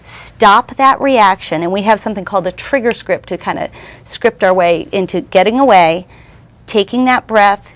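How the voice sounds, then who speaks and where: A woman's voice: medium pitch, normal speed. A woman in her thirties, a parenting expert guest on a TV show, explaining her ideas earnestly. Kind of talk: TV interview.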